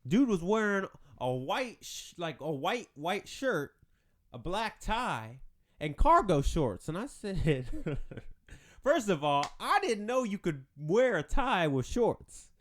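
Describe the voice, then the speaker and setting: Podcast host, man, casual comic riffing, lively up-and-down delivery, slightly high voice. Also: slow pace. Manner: animated, rambling, laughs at his own jokes. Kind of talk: casual comedic monologue.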